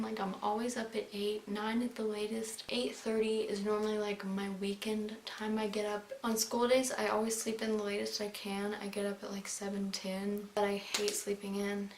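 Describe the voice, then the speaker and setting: A young woman vlogger chatting casually to camera, bubbly and talkative, often filling her sentences with "like". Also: medium pitch. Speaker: beauty vlogger. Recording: roomy with faint hiss.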